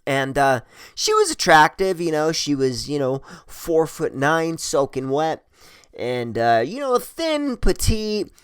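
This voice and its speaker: A man spinning a crude, profane story in a loose, rambling way. His voice sits a little higher than most men's. The sound is dry and close, with no room echo. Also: sing-song, slow, fairly bright tone, clear, resonant tone. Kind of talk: casual storytelling.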